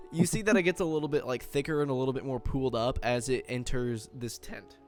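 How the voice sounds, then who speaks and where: Relaxed man narrating as game master. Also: mid-range voice, a little fast, soft background music. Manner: relaxed, filler-heavy narration.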